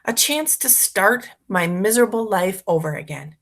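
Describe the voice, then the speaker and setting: Gravelly woman reading a storybook aloud. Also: mid-range voice, moderate pace. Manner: expressive, voicing a boy narrator. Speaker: reader for schoolchildren.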